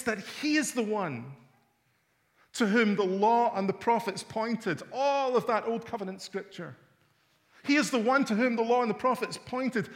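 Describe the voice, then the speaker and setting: A man preaching a sermon, dramatic, swinging from loud emphatic lines to hushed low ones.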